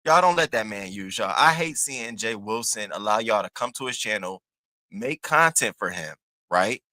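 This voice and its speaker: A man hosting casual gossip commentary, animated and sassy, cussing freely and jumping into high squealing bursts. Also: moderate pace, no room sound. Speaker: commentary host.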